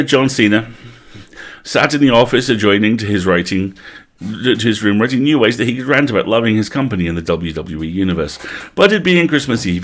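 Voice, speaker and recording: A man reading a comic parody story aloud on a live stream, playful, stopping now and then to laugh and comment. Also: fairly low pitch.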